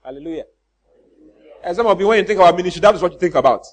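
A man's voice: high-pitched, lively intonation, very fast. A man preaching a sermon, asking the congregation questions and mimicking church members for laughs. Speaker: pastor.

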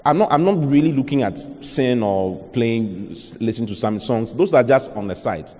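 A man with a Ghanaian accent delivers an emphatic sermon at a mid-range pitch, throwing rhetorical questions at his listeners. His voice carries a long reverb from the hall around him. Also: expressive, moderate pace, darkish tone. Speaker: pastor.

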